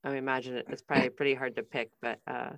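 A woman interviewing a guest, gentle and responsive, sharing a bit of her own family. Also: very deep voice, little pitch movement, quick pace, vocal fry, no room sound. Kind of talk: interview conversation.

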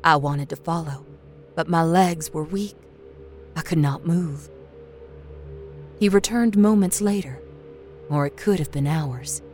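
A woman storyteller narrating a horror story in a steady, expressive reading. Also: low-pitched, unhurried, long pauses. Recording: narration over a faint music score.

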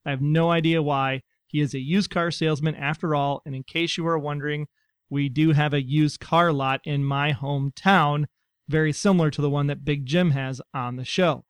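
A man co-hosting a casual talk show, reading out listener messages with a wry delivery. His voice is smooth and resonant and sits a little high for a man. The sound is dry and close. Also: fairly even intonation, moderate pace, dry recording. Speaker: podcast co-host. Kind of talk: casual chat.

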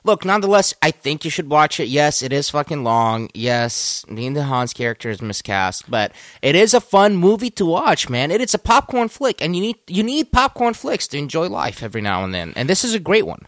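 A man co-hosting a casual film podcast, excitable and stammering, swearing freely as he talks. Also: on the high side, fairly quick, few pauses, no echo, clean studio sound. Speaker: podcast co-host.

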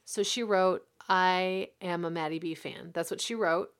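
A woman co-hosting a podcast, chatting casually and telling animated stories about her children. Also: fairly low pitch, measured pace, clear, resonant tone. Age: adult, mother of several children. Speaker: podcast co-host. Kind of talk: casual chat.

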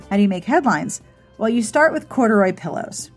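A woman's voice: mid-range voice, animated, brisk, husky. A woman hosting a podcast and reading its outro in a chatty, easily amused way. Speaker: podcast host. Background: faint music.

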